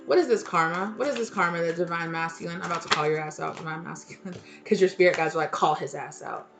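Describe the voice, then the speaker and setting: A woman's voice: on the low side, fast talker, over music. A woman giving a casual tarot reading, blunt and emphatic, swearing freely and repeating her points. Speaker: tarot reader.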